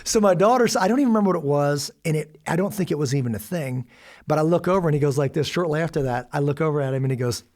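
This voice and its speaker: A middle-aged American man and father, a guest in a candid podcast conversation, who tells family stories in an animated way and acts out the dialogue himself. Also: on the high side, racing. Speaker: guest, former special operations officer and father.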